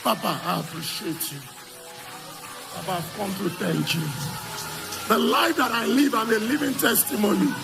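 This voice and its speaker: A man giving an emotional church testimony, telling his story and shouting at the high points. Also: moderate pace, creaky, pauses often, over loud music.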